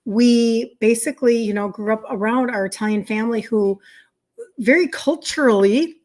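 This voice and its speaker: A woman's voice: on the high side, normal speed, darkish tone. A middle-aged woman from Minnesota with a Minnesota accent, hosting a casual livestream, chatting with viewers and greeting them by name as a health coach. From Minnesota, USA.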